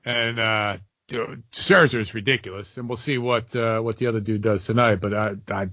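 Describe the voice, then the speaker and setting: A man's voice: fairly low pitch, steady tone, normal speed, bright, forceful tone, no room sound, highs cut off. A man co-hosting a sports betting podcast, ranting heatedly and swearing through casual chat. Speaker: podcast co-host.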